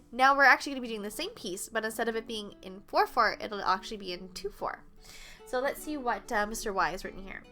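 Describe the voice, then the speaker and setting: A woman's voice: high-pitched, sharp tone. A woman teaching a flute lesson, explaining patiently step by step and counting beats aloud. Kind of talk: online music lesson.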